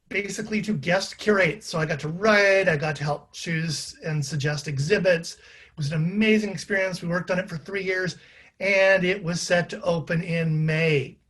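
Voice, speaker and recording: A man's voice: a little high, a bit bright. A man, an author and playwright, chatting casually to a live audience with self-deprecating asides.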